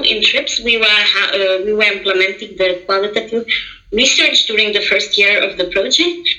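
A woman's voice: fairly high pitch, sharp tone, roomy sound, low-quality recording. A woman, a podcast guest giving earnest, explanatory interview answers and sometimes searching for words. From Lithuania. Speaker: podcast guest, project coordinator.

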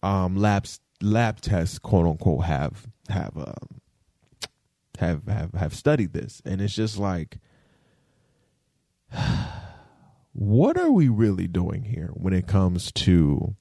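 New guy, casual podcast rant; mellow low voice with lively swings, lots of fillers and cursing. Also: unhurried, no room sound, clean studio sound. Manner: animated, swears freely, frequent fillers and "you feel me".

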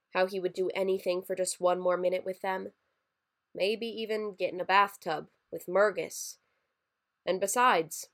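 A woman narrating a dark holiday short story in a measured, expressive reading. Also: lowish voice.

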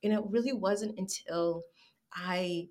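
An American woman in her twenties or thirties chatting candidly in an interview, animated and acting out her own inner voice. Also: fairly low pitch, slow pace. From United States. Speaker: guest. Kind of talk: casual interview chat.

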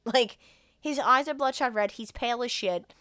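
A woman hosting a podcast, casually retelling a horror film in an animated way, acting out the characters' lines with swearing and laughter. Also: fairly high pitch, moderate pace, no echo. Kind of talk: casual chat.

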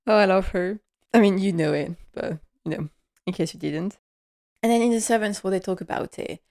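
A woman's voice: mid-range voice, brisk, a little mellow. A young woman casually recapping a TV episode, chatty and gushing, acting out bits of dialogue as she goes. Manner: chatty and gushing, acts out quotes, laughs often. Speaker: TV series recap vlogger.

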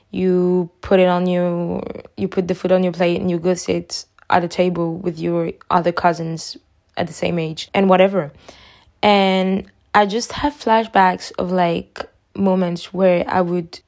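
A woman's voice: fairly low pitch, vocal fry, a little mellow. A young woman, talking through personal memories on her own podcast in a chatty, reflective way, often saying "like". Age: young adult. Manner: chatty and reflective, heavy use of "like". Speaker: podcast host.

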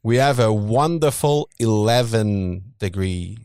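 A man with a Quebec French accent hosting a podcast interview in an enthusiastic, quick, friendly way. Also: on the low side, animated, darkish tone, smooth, no room sound, clean studio sound. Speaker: podcast host. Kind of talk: casual interview chat.

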